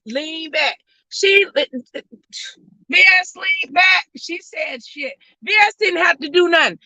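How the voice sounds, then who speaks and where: A woman hosting an online talk show, ranting loudly and profanely in sassy commentary, often shouting. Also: extremely high pitch, measured pace, no room sound, low-quality recording. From West Coast of the US. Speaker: host.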